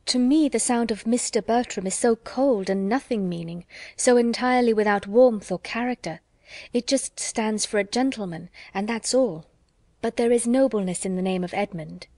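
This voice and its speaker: A woman voicing an earnest, gentle young woman. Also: a little high, no room sound, lightly acted. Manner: earnest and heartfelt.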